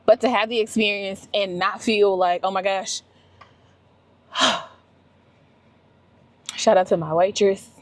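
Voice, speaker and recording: A woman's voice: mid-range voice, fairly even intonation, a little slow, long pauses, no room sound. A woman, talking to herself on a casual, emotional solo travel vlog from her car. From Louisiana, US. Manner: chatty, emotional, talks to herself. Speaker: vlogger. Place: in a car and a restaurant.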